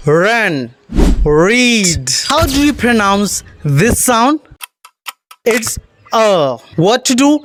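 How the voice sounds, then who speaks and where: A woman teaching English pronunciation in slow, deliberate drills, repeating words for practice. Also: medium pitch. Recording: noisy recording with clicks.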